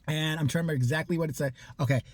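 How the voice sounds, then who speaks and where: A man's voice: fairly high pitch, fairly even intonation, rapid-fire, dry recording. A man telling a profane, sarcastic story about his neighbor in a casual rant. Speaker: vlogger.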